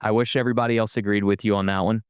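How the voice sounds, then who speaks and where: A man from Mississippi with a light Southern drawl, co-hosting a casual podcast, talking quickly with lots of restarts and a broadcaster's inflection. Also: fairly low pitch, flat delivery, clear, resonant tone, no room sound, clean studio sound. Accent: soft Southern US drawl, toned down. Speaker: podcast co-host and TV sports broadcaster.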